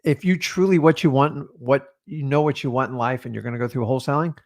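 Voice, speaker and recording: A man's voice: mid-range voice, quick pace. A man co-hosting a livestream, giving a blunt, casual pep talk and calling listeners "dude" and "guys". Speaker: co-host of real estate livestream.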